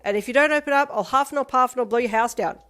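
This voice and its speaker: A woman voicing a playful, energetic teenage girl who talks loudly and teases. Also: mid-range voice, a little fast, natural voice. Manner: bright, loud and teasing.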